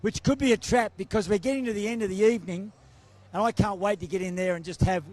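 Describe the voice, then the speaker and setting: A man's voice: high-pitched, steady tone, fast, darkish tone, dry recording. A man hosts a trade night, strolling between stands and chatting jovially with exhibitors while his voice wears thin. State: voice wearing thin. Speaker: roving event host. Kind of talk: casual roving interview. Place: trade show floor.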